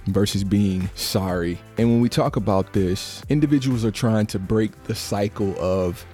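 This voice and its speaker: A man with a low, mellow voice hosts a solo podcast, speaking slowly and earnestly with a steady, encouraging tone. Faint music runs underneath his words. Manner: earnest, measured, motivational. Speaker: podcast host. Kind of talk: reflective solo podcast talk.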